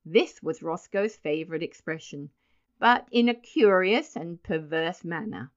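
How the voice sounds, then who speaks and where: A woman's voice: fairly low pitch, animated, unhurried, dull audio. Woman reading a storybook aloud. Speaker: audiobook narrator. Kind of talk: scripted storybook narration.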